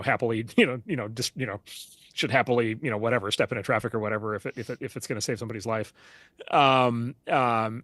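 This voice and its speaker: A middle-aged man talks at a rapid clip in a casual interview, animated and full of fillers and restarts. His voice sits at an ordinary pitch. The recording is close and dry. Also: no room sound.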